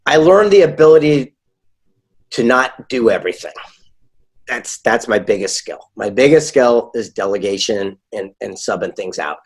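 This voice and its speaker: A man with a slightly husky, ordinary mid-range male voice is a guest in a casual interview; he's an author and keynote speaker. Speaking at a moderate pace, he tells his stories with energy and acts out the dialogue of the people he quotes.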